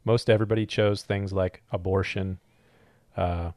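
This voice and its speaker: A man co-hosting a casual podcast, playful and quick to joke. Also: low-pitched, steady tone, a little mellow, dry recording, studio quality. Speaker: podcast co-host.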